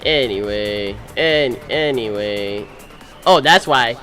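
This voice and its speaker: A young man, recently married, narrating his wedding photos in animated, slangy, casual storytelling. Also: mid-range voice, faint music behind. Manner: animated, slangy storytelling with quick voice-acted quotes. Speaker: groom.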